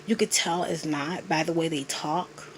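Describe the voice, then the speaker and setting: A woman's voice: low-pitched, normal speed, a little hiss or hum. A woman in her thirties talking straight to camera in a confessional vlog, earnest and emotional as she confides in her viewers. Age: 30s. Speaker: vlogger.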